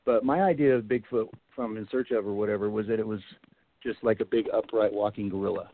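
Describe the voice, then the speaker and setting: A man's voice: fairly low pitch, fairly even intonation, fast talker. A middle-aged man telling a long personal story in a casual, rambling way, full of "you know" and "like", as a guest on a radio show. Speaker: Bigfoot researcher guest. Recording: tinny phone line.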